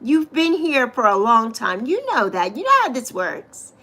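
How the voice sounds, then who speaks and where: A woman's voice: fairly high pitch, very animated, measured pace, pushed and bright. A woman in her sixties hosting a casual livestream, chatting straight to her viewers and calling them honey. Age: 60s. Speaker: livestream host reading viewer comments. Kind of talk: casual live chat. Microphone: phone or webcam on a livestream.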